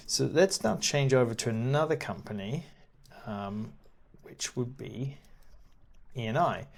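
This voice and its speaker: With a gravelly, mid-range voice and lively intonation, this investing educator talks through stock reports on his screen. He's casual and halting, repeats words often, and laughs softly here and there.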